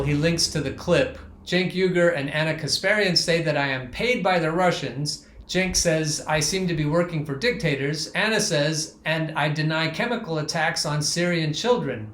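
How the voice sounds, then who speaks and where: A man's voice: fairly high pitch, a bit bright, reverberant. A male podcast host giving sarcastic, blunt commentary, reading out quotes and swearing freely. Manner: sarcastic, scornful, blunt with profanity.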